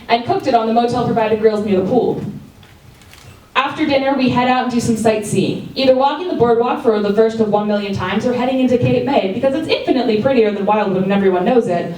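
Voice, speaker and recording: A woman's voice: fairly high pitch, darkish tone. Woman reading a reflective essay. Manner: reflective, with small restarts. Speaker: open mic reader. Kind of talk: reading a personal essay aloud. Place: coffee house. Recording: echoey room from far off.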